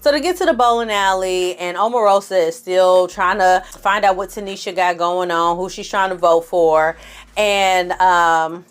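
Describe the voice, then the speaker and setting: A woman casually recapping a reality TV episode in an animated, sassy way, with slangy asides and acted-out quotes. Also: lowish voice, moderate pace, clean tone.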